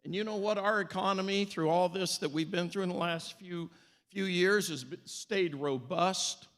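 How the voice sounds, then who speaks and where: Male mayor, higher voice, folksy and upbeat, short event speech with frequent "uh"s. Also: moderate pace, fairly bright tone. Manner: folksy, upbeat, with fillers and restarts. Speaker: city mayor.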